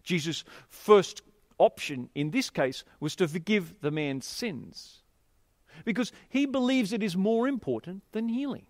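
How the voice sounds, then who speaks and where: A man delivering a sermon, slightly higher-pitched than most, with a very lively, animated voice that rises and falls as he tells the story. His delivery is expressive and emphatic. The recording sounds dry and close. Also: measured pace, no room sound. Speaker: preacher. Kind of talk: sermon with scripture reading.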